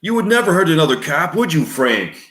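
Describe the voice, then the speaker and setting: A man's voice: fairly high pitch, big pitch swings, fairly quick, a bit bright, reverberant, voice pushed up. A man putting on a New York accent to play a tough male cop. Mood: scornful.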